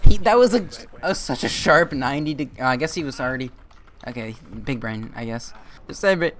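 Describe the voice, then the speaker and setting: A man's voice: mid-range voice, brisk, slight background noise. A man hosting a gaming video, chatting casually and joking with friends while calling out plays. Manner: excitable, joking, calls out plays.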